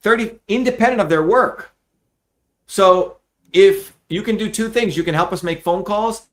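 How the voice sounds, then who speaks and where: A middle-aged man hosting a live telethon, his voice sitting a little high for a man. He talks straight to his viewers in a blunt, emphatic pitch, swearing freely as he explains and urges. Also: moderate pace, a bit bright. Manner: blunt, profane and emphatic, addressing viewers directly. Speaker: host of a live fundraising telethon.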